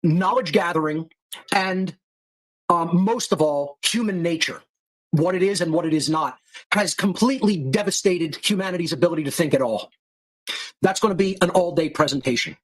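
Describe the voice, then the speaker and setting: This is a man with a notably high voice, lecturing at length in a steady, emphatic way. He slides into blunt, contemptuous insults aimed at his listeners. His speech carries the deliberate weight of a prepared podcast monologue. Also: rough recording. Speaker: podcast host.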